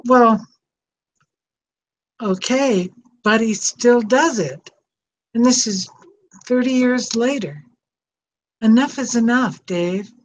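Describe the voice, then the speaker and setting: A woman's voice: fairly high pitch, slow, long pauses, low-quality recording. An older woman hosting an advice talk, speaking in an earnest, reflective way. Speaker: host.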